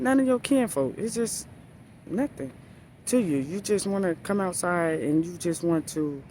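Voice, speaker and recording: A man with a slightly higher voice vents casually as a parent vlogger. He talks in an exasperated, storytelling way and circles back to the same phrases again and again. A faint hum of traffic sits behind him. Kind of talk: casual venting monologue.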